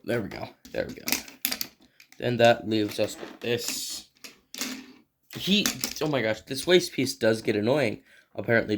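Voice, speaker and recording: A man casually reviewing an action figure, rambling and thinking aloud as he handles it, often clearing his throat. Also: mid-range voice, background noise. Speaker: toy reviewer. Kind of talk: casual toy review vlog.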